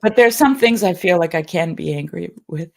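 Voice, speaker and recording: A woman's voice: fairly low pitch, animated, normal speed, vocal fry. A woman reading an old sermon aloud in an earnest, emotional way, then chatting casually.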